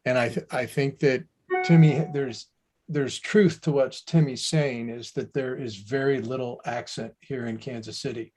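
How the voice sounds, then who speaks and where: A man from near New York in a casual panel chat, telling a story in a measured, reflective way. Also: mid-range voice, steady tone, darkish tone, slight background noise. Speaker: illustrator panelist.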